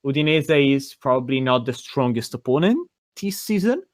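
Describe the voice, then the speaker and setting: Male co-host, mid-pitched, thoughtful and chatty, dry close recording. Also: very animated, normal speed, dry recording. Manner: thoughtful, conversational, checks in with "right?". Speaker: podcast co-host. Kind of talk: casual football analysis.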